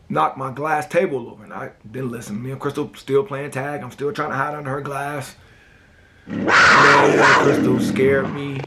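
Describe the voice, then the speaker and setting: A man hosting a casual talk show, telling personal stories in a relaxed way and often repeating "man" and "you know.". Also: medium pitch. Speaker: host.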